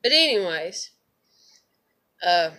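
A vlogger vents to her viewers in a blunt, profane, rambling monologue to camera, often repeating words. Her voice is on the low side, with big pitch swings, a slow pace, and a sharp tone.

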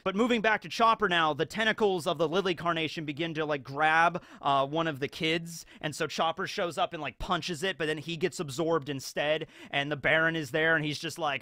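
A man's voice: on the high side, brisk, hardly any pauses, bright, forceful tone, dry recording. A man hosting a video, recapping a movie in a rambling, casual way full of fillers. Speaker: video host.

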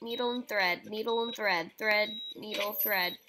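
In a casual let's-play, a young female game streamer works through a surgery game, reading prompts aloud, chatting and reacting with squeamish cries. Her medium-pitched voice is creaky and sharp at a measured pace, with faint music behind and rough audio quality.

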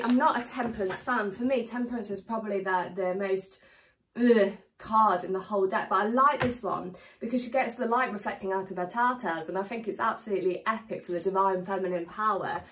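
A chatty woman gives a casual tarot reading, speaking straight to her viewers in a lively, friendly way. Her voice is a touch hoarse, like she is starting to lose it. She sits a little back from the microphone. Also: mid-range voice, distant mic, a little hiss or hum, rough recording. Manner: chatty, animated, warmly addresses viewers. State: slightly losing her voice. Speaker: tarot reader.

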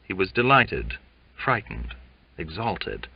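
A man narrating a classic novel in an audiobook, reading in a measured, deliberate way. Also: low-pitched, big pitch swings, vocal fry, a little hiss or hum. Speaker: audiobook reader. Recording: dull lo-fi dry recording.

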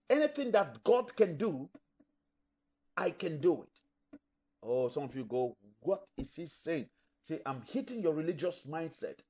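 Giving an emphatic sermon, this middle-aged pastor speaks out the objections his imagined listeners might raise. His voice, slightly high for a man, is creaky, husky and darkish. The audio is lo-fi and dull.

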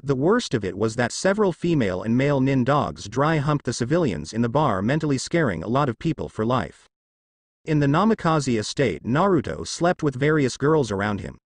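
Male narrator for a fan fiction reading, expressive delivery, lively pitch, dry close sound. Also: no room sound.

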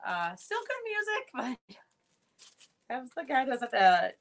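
A woman's voice: sits high, huge pitch swings, measured pace. A chatty, upbeat woman hosting a live jewelry sale, showing pieces and greeting viewers by name. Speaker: live-stream jewelry seller. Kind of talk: casual live-sale chat.

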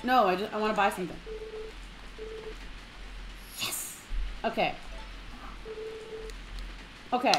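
A woman streaming a video game, chatting casually with playful giggles and bursts of excitement. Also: mid-range voice, moderate pace, pauses often, soft background music. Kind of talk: casual let's-play commentary.

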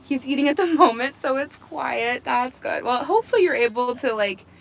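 A woman's voice: high-pitched, expressive, normal speed, creaky. Woman cooing baby talk to goats. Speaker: livestream host on a goat farm. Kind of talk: casual livestream chat. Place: outdoors among goats in a pen. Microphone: phone on a selfie stick.

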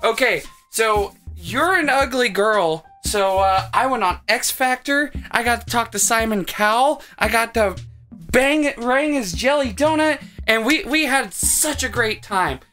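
Guy putting on a whiny high teen girl, sarcastic, bright, over the top. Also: unhurried, faint music behind, exaggerated voice. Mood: bragging. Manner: sarcastic, exaggerated. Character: whiny mocking impression of a teen girl bully.

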